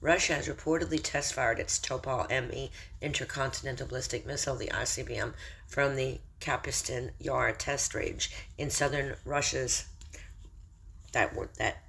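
Middle-aged male host, mid-pitched and gravelly, news read-through with commentary, trips over and spells out place names. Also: steady tone, moderate pace, pushed and bright. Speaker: Christian video host. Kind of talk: reading news aloud with personal commentary. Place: room in a house. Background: faint background noise.

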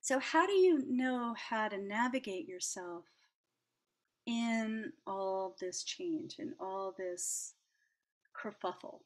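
A middle-aged woman hosting a reflective talk about the heart, chatty and gentle, laughing lightly and dropping to soft asides. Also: mid-range voice, animated, slow pace. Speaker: host.

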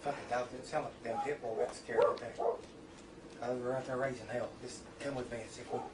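A man's voice: medium pitch, fairly even intonation, quick pace, far from the mic. A young man, cursing and rambling on a home video in a house at night. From Tennessee, US. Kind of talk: shaken home video talk. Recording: noisy home camcorder, from afar.

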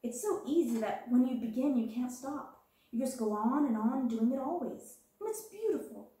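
A woman voicing a confident, imaginative schoolgirl who speaks in a lively, confiding way in a storybook reading. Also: sits high, normal speed, very echoey, recorded from a distance, pitched above the performer's own voice. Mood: playful.

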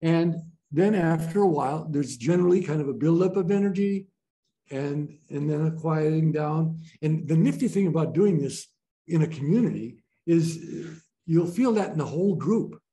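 A man teaching a group about breathwork in a gentle, playful way, often laughing as he talks. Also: on the high side, moderate pace. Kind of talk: informal group teaching talk. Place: training room with a group.

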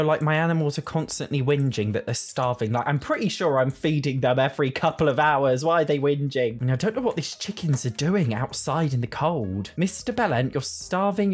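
A man giving excitable, dramatic let's play commentary, cheeky and quick to laugh and swear. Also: mid-range voice. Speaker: gaming video creator.

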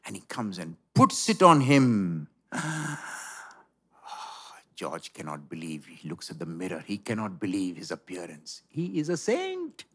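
A man's voice: deep voice, huge pitch swings, a little slow, fairly bright tone, breathy edge. A male pastor preaching a sermon in a church, telling a story dramatically.

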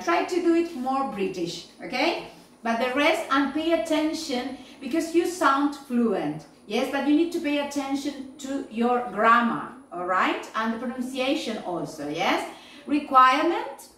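Woman, English teacher, slow careful feedback, frequent "okay?" checks, roomy echo. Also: high voice, fairly bright tone, far from the mic, slight background noise. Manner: slow, repeating "yes?" and "okay?" to check understanding. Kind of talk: online class feedback.

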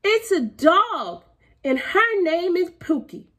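A woman's voice: very high voice, big pitch swings, slow, fairly bright tone, pitched above the performer's own voice, exaggerated voice. Woman doing a spunky little farm girl. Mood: stubborn, proud.

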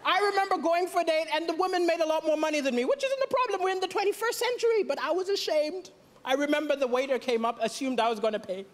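A man from Malawi, performing a stand-up comedy set on a theatre stage with deadpan punchlines and playful asides. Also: extremely high pitch, fast talker. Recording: stage mic with noisy crowd. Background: audience laughter and cheering.

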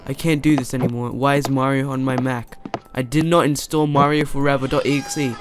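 Excitable young man yelling at a horror game. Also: medium pitch, a little fast, background noise. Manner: excitable, talks to the game characters, yells when startled. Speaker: gamer. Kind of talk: let's play commentary.

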